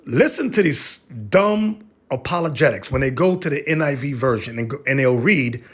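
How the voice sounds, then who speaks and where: A man's voice: mid-range voice, normal speed. A man giving a sermon, reading a document aloud and breaking off to address his listeners directly with emphatic commentary. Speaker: religious teacher.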